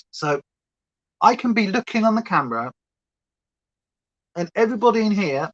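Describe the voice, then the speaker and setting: A woman's voice: fairly low pitch, fairly bright tone, lo-fi sound. A British woman hosting a livestream from home, chatting casually and going off on tangents. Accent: British English. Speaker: livestream host. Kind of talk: rambling casual chat.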